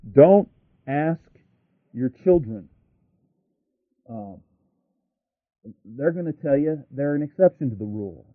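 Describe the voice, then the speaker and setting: This man preaching has a voice on the high side with no echo, pressing his points emphatically while adding asides, rhetorical questions and many restarts. It comes across as a dry, tinny radio broadcast.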